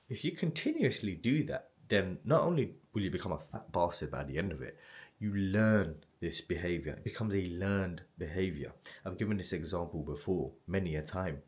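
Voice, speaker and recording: A man giving a blunt, casual motivational talk straight to the viewer, swearing freely and often asking "right?". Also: deep voice. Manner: blunt and swearing, direct address with frequent "right?". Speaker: motivational self-improvement creator.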